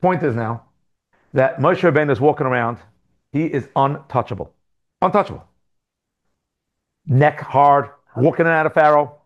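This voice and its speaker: A man teaching a casual Talmud class to students, telling stories with lively asides. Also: on the high side, moderate pace, long pauses, lo-fi sound. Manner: animated storytelling with asides. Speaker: Torah teacher.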